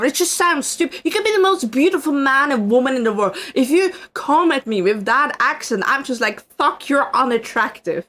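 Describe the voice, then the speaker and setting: A woman's voice: sits high, lively intonation, moderate pace, few pauses, pushed and bright. A young adult woman from Switzerland with a Swiss German accent, chatting casually on stream, laughing often and swearing freely. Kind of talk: casual chat.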